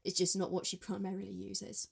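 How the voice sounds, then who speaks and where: Woman priest, podcast co-host, measured, explanatory, mid-pitched. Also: completely flat delivery, vocal fry, breathy edge. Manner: measured, explanatory, trailing off softly. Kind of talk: casual podcast chat.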